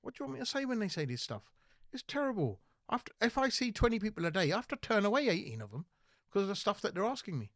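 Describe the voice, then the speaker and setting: A middle-aged British man whose English carries a Punjabi lilt. He tells animated stories at a rapid clip, switching between English and Punjabi, his voice sitting a little high. The sound is dry and close, with no room around it. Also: no echo. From United Kingdom. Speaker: immigration solicitor and TV guest. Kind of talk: casual podcast chat.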